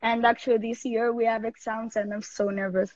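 A woman's voice: a little high, level tone, brisk, a little mellow, lo-fi sound. A young Italian woman with an Italian accent, a fan on a video call, emotional and shaky with nerves. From Italy. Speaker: fan caller. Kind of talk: casual video call chat.

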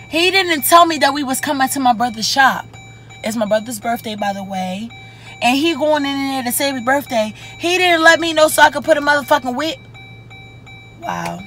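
A woman's voice: fairly high pitch, a bit bright. A tipsy young woman in her twenties from Baltimore, ranting and cursing while she vlogs from a parked car. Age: 20s. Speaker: vlogger. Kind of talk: casual vlog chat. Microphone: handheld camera.

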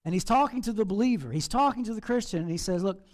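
A man, a pastor, preaching a sermon in an animated, playful way with acted asides. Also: sits high, fast talker. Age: over 40.

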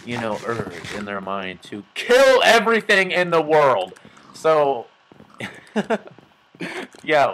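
A man's voice: mid-range voice, poor audio. A man hosting a game let's play, talking casually with rambling, jokey, self-mocking asides. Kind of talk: casual gameplay commentary.

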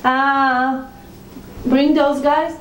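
A woman's voice: sits high, little pitch movement, very slow. A woman co-hosting a casual home vlog, teasing her partner and telling her what to do next. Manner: teasing, directing the other. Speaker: vlog co-host. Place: home living room indoors. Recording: echoey room with faint noise.

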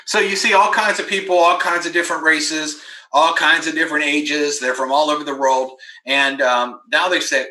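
A man giving an energetic marketing pitch in a webinar, emphatic and acting out the doubts of his prospects. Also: moderate pace. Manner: emphatic, acts out quoted voices of prospects. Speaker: webinar presenter. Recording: roomy echo.

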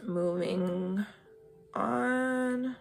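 A woman's voice: mid-range voice, drawn-out words, vocal fry, soft background music. A young woman hosting a casual spiritual chat, talking emphatically and coaxing her listeners, often checking in with "okay?". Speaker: podcast host giving intuitive readings.

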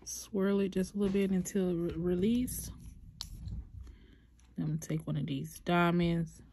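A young woman chatting through a nail tutorial, talking to viewers as "y'all" in a relaxed, chatty way. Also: on the low side, moderate pace, background noise. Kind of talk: casual tutorial chat.

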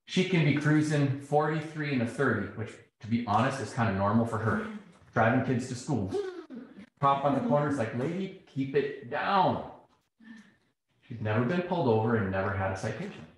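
Speaking briskly at a medium pitch, a middle-aged man gives a public talk in a lecture hall with heavy echo. His storytelling is animated, and he performs the dialogue he quotes.

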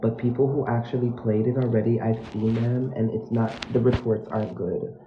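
A man hosts a casual nighttime livestream from a dim room at home, dramatic and jittery as he gushes at viewers through a phone propped against a mirror. His voice is mid-range at a moderate pace, and the phone audio sounds echoey, dull and lo-fi.

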